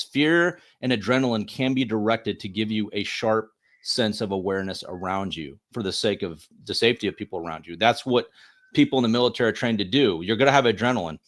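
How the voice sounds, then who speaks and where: Low-voiced emphatic man in discussion. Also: a bit bright. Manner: earnest, emphatic, repeats words while thinking. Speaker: podcast co-host. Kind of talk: casual political discussion.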